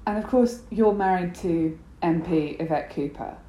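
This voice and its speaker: A woman's voice: fairly low pitch, unhurried, warm tone. A woman interviewing a guest, asking curious, lightly amused questions. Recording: roomy, set back from mic.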